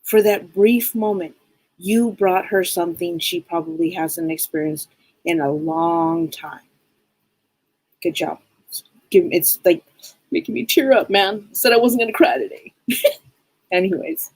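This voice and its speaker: Husky lady doing psychic readings on a live stream, heartfelt and rambly, dry close sound. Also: fairly low pitch, a little slow, a little mellow, no echo, low-quality recording. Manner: heartfelt, rambling, many restarts. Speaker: psychic reader, host of a live show.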